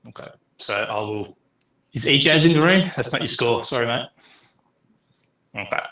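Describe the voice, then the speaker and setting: A man's voice: medium pitch, lively intonation, pushed and bright, reverberant, poor audio. A middle-aged man, teaching an online class in a chatty way full of fillers. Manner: chatty, filler-heavy, speeds up and slows down. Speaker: university lecturer.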